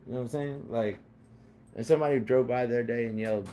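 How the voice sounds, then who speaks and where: A man's voice: mid-range voice, fairly quick, a little mellow, a little hiss or hum. A man talking in a rambling casual monologue, full of fillers, restarts and repeated phrases.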